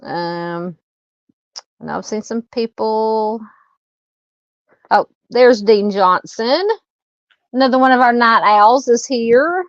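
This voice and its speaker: A woman's voice: fairly high pitch, slow, long pauses, no echo, lo-fi sound. A middle-aged Southern woman hosting a live true crime stream, chatting casually, greeting viewers and reading comments in a rambling way with many fillers and restarts. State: hiccups.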